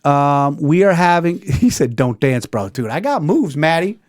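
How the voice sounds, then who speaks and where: A man hosting a live talk show, bantering in a loose, joking way. His pitch swings widely as he talks. He laughs often and loudly and riffs freely with his co-host. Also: big pitch swings, a little slow, dry recording, clean studio sound. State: out of breath. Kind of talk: live show casual chat.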